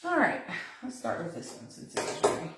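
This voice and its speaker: A woman's voice: normal speed, heavy background noise. Chatty woman crafting in an echoey kitchen. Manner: chatty, giggly, thinking aloud while working. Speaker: craft tutorial host. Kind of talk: live-stream crafting demo, chatting to viewers. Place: her kitchen, indoors. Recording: echoey kitchen, mic at a distance.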